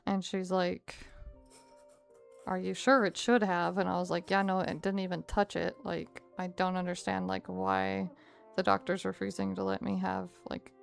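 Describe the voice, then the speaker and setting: A young woman streamer telling a story to her chat in a casual, animated way with frequent laughs. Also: on the low side, normal speed, gravelly, faint music behind.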